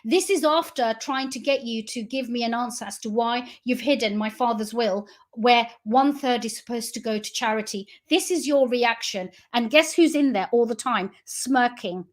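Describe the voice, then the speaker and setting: A woman's voice: a little high, moderate pace, few pauses. A woman giving an impassioned monologue straight to her audience, accusatory and emotional, firing off rhetorical questions. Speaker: founder giving a public address. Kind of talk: impassioned direct-address monologue.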